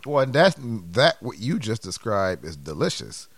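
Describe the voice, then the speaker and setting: A man co-hosting a casual podcast who reacts with playful outrage and laughs a lot. His voice is gravelly and swings widely in pitch. The sound is dry and close. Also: a little slow, dry recording. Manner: lively, playfully indignant, laughs often. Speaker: podcast co-host. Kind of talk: casual comedic chat.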